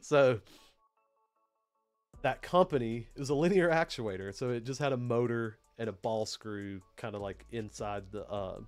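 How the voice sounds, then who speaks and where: A man's voice: mid-range voice, normal speed, clean tone, soft background music. Chatty Southern US man teaching. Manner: rambling, chatty, many fillers. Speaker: PLC training host. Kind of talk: casual live-stream technical lesson.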